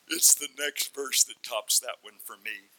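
A man preaching a sermon, telling the story in an animated way and acting out the voices as he goes. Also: mid-range voice, rough recording. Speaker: pastor.

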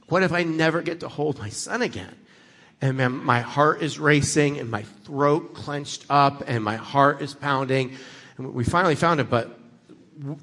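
A man's voice: medium pitch, a bit bright. Conversational male preacher in a reverberant hall. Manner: conversational, rises to emphatic preaching. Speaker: guest preacher. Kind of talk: sermon.

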